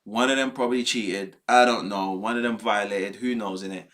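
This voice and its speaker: A man's voice: on the low side, fairly even intonation, normal speed, a bit bright. A man ranting in exasperation as he reacts to news clips on his stream, swearing and using slang.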